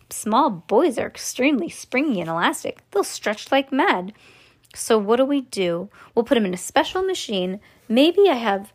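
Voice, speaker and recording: A woman reading aloud and voicing an eccentric, cheerful candy maker with a breezy manner. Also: a little high.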